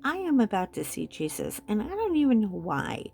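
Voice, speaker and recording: Animated woman telling a story. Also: medium pitch, moderate pace, gravelly, a little hiss or hum. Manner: animated, laughing often. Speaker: host. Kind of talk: casual storytelling while coloring.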